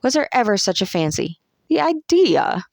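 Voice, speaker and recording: A reader voicing Camilla, a fussy, self-pitying older woman in a classic-novel audiobook, with a shrill, plaintive, theatrical manner. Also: a little fast, dry recording, studio quality, close to an everyday voice. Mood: indignant. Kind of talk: audiobook character voice.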